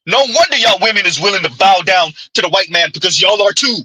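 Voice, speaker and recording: A man's voice: high-pitched, fast, bright, forceful tone, slightly rough, no room sound, rough recording. A man, hosting a sarcastic, heated commentary rant. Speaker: commentary channel host.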